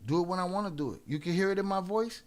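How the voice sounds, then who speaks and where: Profane, combative male stream host. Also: high voice. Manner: profane and combative, trash-talking trolls; quick shout-outs with filler "uh" and restarts. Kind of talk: casual live-stream chat.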